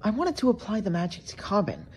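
A woman's voice: mid-range voice, wildly swooping pitch, fast talker, slight background noise. A woman voicing a clever cartoon character who lays out plans. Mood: planning. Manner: thoughtful and explaining.

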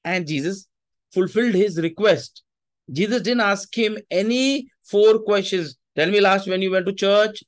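A man preaching a sermon, emphatic and repeating his phrases, with Hindi asides. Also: high-pitched.

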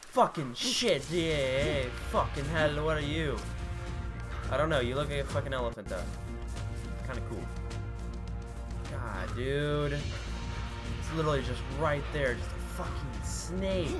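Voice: mid-range voice, expressive, slow, long pauses, over music. A let's play gamer giving live gameplay commentary, panicky and shrieking, swearing constantly.

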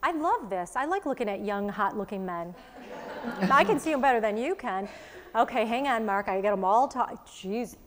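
A woman's voice: a little high, lively intonation. A woman working as a psychic medium, chattily giving live readings to a studio audience. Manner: chatty, quick, relaying messages in asides. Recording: long reverb in a studio hall.

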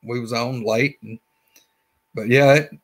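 A man's voice: mid-range voice, steady tone, unhurried. A man with a Southern Alabama accent, telling a story in a rambling, folksy way. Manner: rambling, folksy, repeats himself. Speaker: guest. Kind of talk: casual storytelling.

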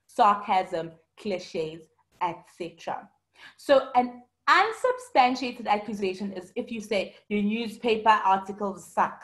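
A woman teacher giving an online lesson, patiently explaining and answering students by name. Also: mid-range voice. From South Africa.

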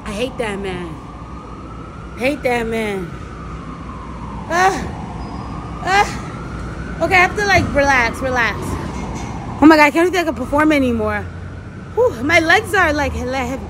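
Super high squeaky woman rambling backstage, loud and manic, shrieks a lot, noisy in the background. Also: sing-song, a little slow, pauses often. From United States. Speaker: comedian and performer.

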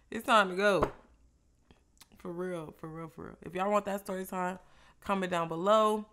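A woman vlogger telling a casual story while eating, loose and profane, with animated reenacted exchanges. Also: fairly low pitch, normal speed, long pauses.

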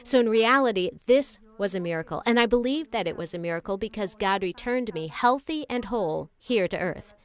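A woman's voice: mid-range voice, animated, brisk, few pauses, smooth. A woman giving a personal religious testimony in an earnest, emotional way, addressing her listeners as brothers and sisters.

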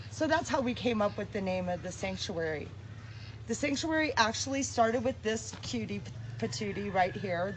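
A woman who co-founded an animal sanctuary speaks earnestly and with deep gratitude, then talks outdoors at the sanctuary. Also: fairly bright tone, a little hiss or hum, low-quality recording. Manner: emotional, grateful, earnest. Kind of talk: heartfelt address, then outdoor tour.

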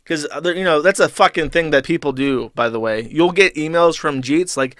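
Male stream host, sarcastic and crude, slightly higher voice with a bright edge. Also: fairly quick, hardly any pauses, no room sound, studio quality. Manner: sarcastic, profane, mocking. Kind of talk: commentary reading posts aloud.

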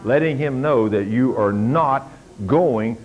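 An older man, preaching a sermon as a pastor and rising to loud, fervent commands. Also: mid-range voice, slow, muffled recording, faint music behind.

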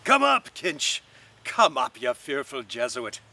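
A man reading aloud and voicing a mocking, theatrical young man who booms in a mock-preacher tone. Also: big pitch swings, takes it slowly, fairly bright tone, exaggerated voice. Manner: booming mock-preacher intoning.

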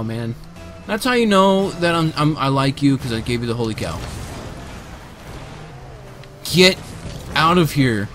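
A man giving casual live commentary over his own gameplay, excitable and quick to burst into shouts and repeated cheers, speaking close to a desk microphone. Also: fairly high pitch, faint music behind. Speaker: gamer and video creator. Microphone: desk microphone, sitting close.

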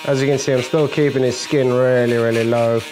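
A man's voice: mid-range voice, fairly even intonation, a little fast, noisy background. A man, a barber, talking through a haircut in an easy, instructive way and joking with his client. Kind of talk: narrating a haircut while working. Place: barbershop, indoors. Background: electric clippers buzzing.

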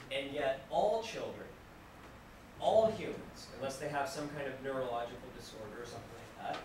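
A man lecturing a class. He is animated, asks the students questions, acts out examples, and repeats simple phrases for language learners. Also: mid-range voice. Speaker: university lecturer. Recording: distant, very echoey classroom with noise.

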